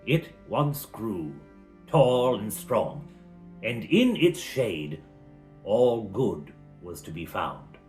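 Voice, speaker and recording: A low, deep-voiced old wizard, mysterious and cryptic, as a man puts him on. He speaks slowly and solemnly and draws out every portentous word. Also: big pitch swings, a little mellow, faint music behind, heavily acted.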